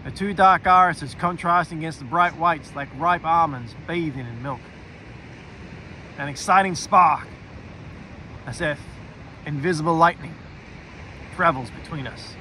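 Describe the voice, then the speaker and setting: A man reading a first-person fantasy audiobook in an expressive storytelling way, dropping to a quiet aside for the narrator's inner thoughts. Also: on the high side, measured pace, pauses often, a little hiss or hum, poor audio.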